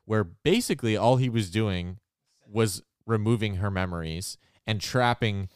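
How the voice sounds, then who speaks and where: A man's voice: fairly low pitch, measured pace, clear, resonant tone, no room sound, studio quality. A young man co-hosting a podcast, giving wry, joking commentary in casual chat. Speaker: podcast co-host.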